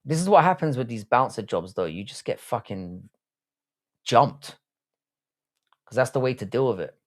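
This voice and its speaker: A man's voice: mid-range voice, expressive, normal speed. A man in his thirties with a South London accent, chatting bluntly and profanely to his live chat while watching fights. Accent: South London English. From England. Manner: profane, blunt, banter reading chat aloud. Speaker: livestream host.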